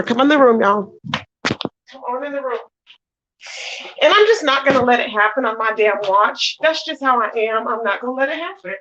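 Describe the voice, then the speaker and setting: A woman's voice: sits high, sharp tone, dull audio. A woman hosting a livestream, delivering a blunt, scolding rant full of curses and repeated phrases, breaking off now and then to greet her viewers. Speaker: livestream commentary host. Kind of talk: ranting livestream commentary.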